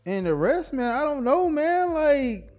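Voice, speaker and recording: A man's voice: very high voice, sing-song, unhurried, darkish tone, faint music behind. A young man co-hosting a casual podcast with his partner, laid-back and laughing, with a Black way of talking. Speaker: podcast co-host. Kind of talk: casual couple chat.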